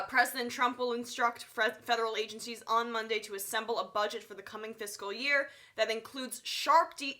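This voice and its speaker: A woman's voice: a little high, pushed and bright. A woman with a stuffy nose giving sarcastic, opinionated live political commentary, full of fillers. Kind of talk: live online news commentary.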